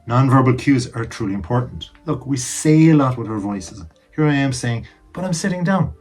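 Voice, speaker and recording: A man talks through tips on telling jokes in a loose, chatty way, leaning on emphasis and throwing in wry asides. His voice has a husky edge and sits at an ordinary pitch for a man. Soft music plays faintly underneath. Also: moderate pace. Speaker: presenter giving joke-telling advice. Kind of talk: casual advice talk to camera. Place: indoors, seated.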